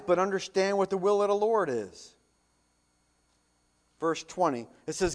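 Preaching as pastor in a voice that sits high, he reads from scripture and asks rhetorical questions. Loud, forceful surges alternate with quiet, hushed drops.

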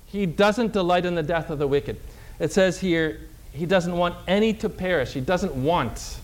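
A man preaching a sermon as a Lutheran pastor, reading verses slowly and asking the congregation questions that he answers himself. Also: sits high. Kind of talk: sermon teaching from scripture.

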